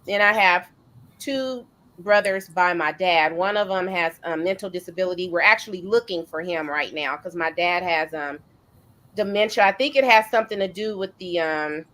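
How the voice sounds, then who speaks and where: A middle-aged woman hosting a casual chat, telling family stories in a relaxed way with fillers and restarts. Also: fairly low pitch, normal speed. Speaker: host.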